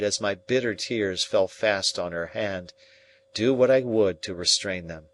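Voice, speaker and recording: A man narrating an audiobook of a classic novel in a steady, even storytelling voice. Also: lowish voice, unhurried.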